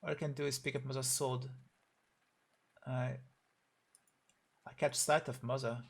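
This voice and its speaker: A man's voice: medium pitch, flat delivery, a little slow, gravelly. A man on a live stream reading a game's story aloud, voicing every character in his own voice and getting emotional.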